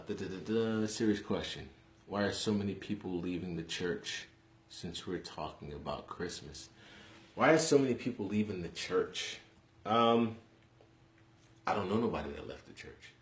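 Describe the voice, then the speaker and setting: Deep-voiced New man chatting live. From Harlem, New York City. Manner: animated, blunt, slangy banter with viewers. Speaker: host of a live webcast. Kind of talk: casual live-stream chat. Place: room in his home. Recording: echoey room.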